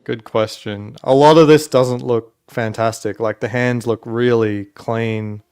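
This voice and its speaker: An older man hosting a casual livestream chat, relaxed and chatty. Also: medium pitch, measured pace, clear, resonant tone, dry recording, clean studio sound. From United States. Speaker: livestream host.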